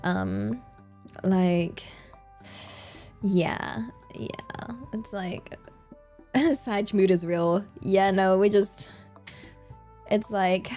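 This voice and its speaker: A young woman with a British accent talks casually to her stream. She takes her time and rambles, filling her sentences with "like" and small laughs. Soft music plays faintly behind her. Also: medium pitch, very slow, long pauses. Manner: rambling, full of "like" fillers, laughs often. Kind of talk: casual livestream chat.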